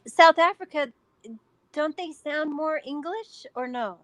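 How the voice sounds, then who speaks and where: High-voiced bubbly woman hosting a chat. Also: slow, dry recording. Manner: chatty, bubbly, searching for words. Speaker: host of a live chat. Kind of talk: casual chat.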